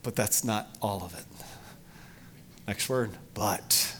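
A man's voice: slow pace, slight background noise. Emphatic man preaching a sermon. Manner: emphatic, rising loud for emphasis then dropping low. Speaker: pastor.

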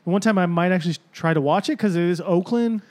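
A man's voice: high-pitched, fast talker, a little mellow. A man co-hosting a podcast, chatting casually about football with stammered restarts. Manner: hesitant, restarts words. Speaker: podcast co-host. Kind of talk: casual sports chat.

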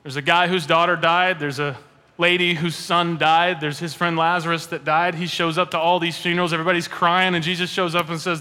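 A man in his thirties, a pastor giving an emphatic sermon that sometimes swings up high and at other times falls to a hushed prayer, in a church sanctuary. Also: moderate pace, clean tone. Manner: emphatic, rising to animated peaks then dropping to a hushed prayer. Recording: long church hall reverb.

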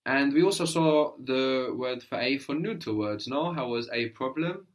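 A man's voice: mid-range voice, normal speed. A man teaching a one-on-one language lesson, explaining patiently step by step and prompting his student to answer.

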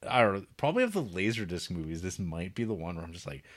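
A man's voice: deep voice, big pitch swings, fast talker. A man co-hosting a film podcast, talking casually and profanely, laughing and acting out scenes with sarcasm. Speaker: podcast co-host reviewing films.

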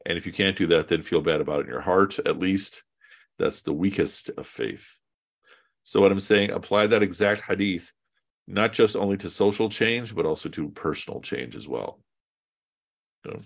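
Deep-voiced man teaching a Quran class. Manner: conversational, quizzes students, uses fillers. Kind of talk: casual online religious lesson.

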